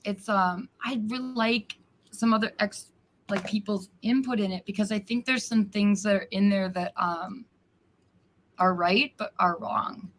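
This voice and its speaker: A woman's voice: mid-range voice, measured pace, slight background noise. A woman joining a live stream as a guest, talking things through in a reflective, searching way with many fillers. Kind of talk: casual chat.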